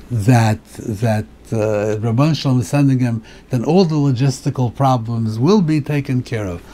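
A man's voice: on the high side, mellow. A male rabbi teaching a Torah class, asking question after question and often repeating and restarting his words.

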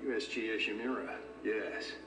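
Man doing a calm interrogator, insistent, echoey, distant, music behind. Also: on the low side, moderate pace, lightly acted. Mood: probing. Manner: probing, insistent questioning. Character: calm male interrogator questioning a patient. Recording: game audio in a roomy space, from far off, with music.

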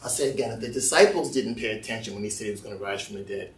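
A male pastor preaching a lively sermon, acting out voices and joking with the congregation. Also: on the low side, very fast, reverberant, far from the mic. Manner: animated, acts out voices, jokes with the congregation. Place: church sanctuary.

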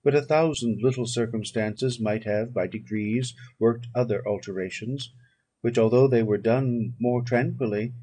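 Male audiobook narrator with a husky voice and a measured, solemn delivery. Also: mid-range voice, warm tone. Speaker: audiobook reader.

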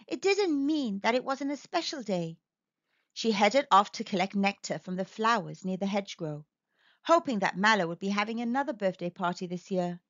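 Storyteller, woman, high and animated delivery for young listeners, dry close sound. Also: dry recording. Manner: expressive, lilting, gentle. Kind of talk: children's picture-book read-aloud. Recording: dull dry recording.

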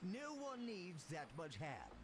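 A man's voice: high voice, huge pitch swings, slow pace, heavily acted. A man playing a prim, pompous older game reviewer in a comic in-game radio bit, with a noisy broadcast sound. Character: stuffy old male game reviewer, prim and disgusted. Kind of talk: scripted comic radio monologue.

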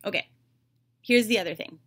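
A woman's voice: mid-range voice, normal speed. Chatty woman giving a tarot reading. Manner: chatty, full of fillers like "like" and "um". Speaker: tarot reader.

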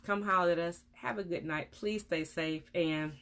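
A woman's voice: fairly low pitch, normal speed, a bit bright. A woman dentist, giving frank, chatty advice on a casual live stream.

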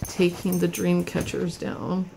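Anxious woman vlogging at home, slow and halting, with a gravelly fry and faint noise behind. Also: fairly low pitch, monotone. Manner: hesitant, halting, many fillers and restarts. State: anxious and in pain, hand shaking. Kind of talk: casual unboxing vlog. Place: home, indoors.

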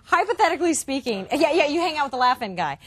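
Lively, animated woman talk show host. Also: high-pitched. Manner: playful, teasing, quick with jokes. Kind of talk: casual interview chat.

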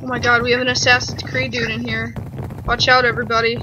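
A woman chatting excitedly while playing a video game, full of exclamations. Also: on the high side, fast talker. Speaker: let's-play gamer. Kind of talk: casual gameplay chat. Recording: dull lo-fi mic with faint hiss.

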